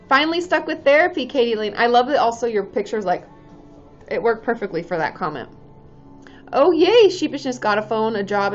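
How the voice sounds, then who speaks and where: A woman's voice: on the high side, lo-fi sound. A woman hosting a casual live stream as a therapist, reading viewer comments aloud and cheering them on in a bubbly, chatty way.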